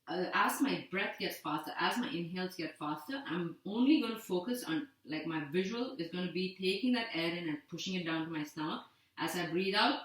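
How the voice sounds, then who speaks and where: A woman leads a yoga breathing session, calm and gentle, repeating her cues in a steady rhythm. Her voice sits a little low. It sounds roomy and echoing, picked up from some distance away. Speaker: yoga teacher. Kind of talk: guided breathing instruction. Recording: echoey room, voice from a distance.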